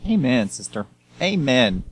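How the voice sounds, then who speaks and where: A man's voice: medium pitch, big pitch swings, measured pace, a little hiss or hum, low-quality recording. A man hosting an interview show, enthusiastic and affirming, with plenty of ums and restarted sentences. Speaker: talk show host. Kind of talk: interview host chat.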